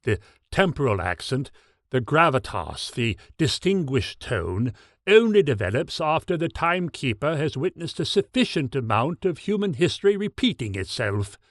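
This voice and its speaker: A man voicing Father Time, an ancient, world-weary timekeeper with a formal British accent and a measured, distinguished delivery. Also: medium pitch, big pitch swings, dry recording, clean studio sound, close to an everyday voice. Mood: dignified. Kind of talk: comedy sketch dialogue.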